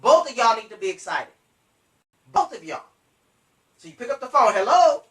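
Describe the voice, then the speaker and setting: A bright, forceful coaching voice that drives each point home, repeating and speaking straight to the audience. The voice sits back from the mic, and the room around it rings with echo. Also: medium pitch, sing-song, normal speed, far from the mic. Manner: emphatic, repetitive, coaching directly to listeners. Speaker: business trainer. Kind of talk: motivational sales coaching.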